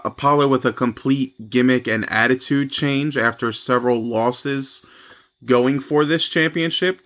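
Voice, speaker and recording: A man's voice: medium pitch, fairly bright tone. A man hosting a casual wrestling podcast, upbeat and steering the talk between his co-hosts. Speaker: podcast host.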